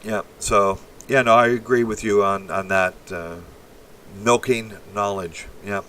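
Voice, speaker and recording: A man's voice: on the low side, steady tone, unhurried, a bit bright, far from the mic, a little hiss or hum. A man from Canada hosting a casual livestream, rambling bluntly and crudely as he reacts to chat messages. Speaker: livestream host. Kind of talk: casual live-stream chat.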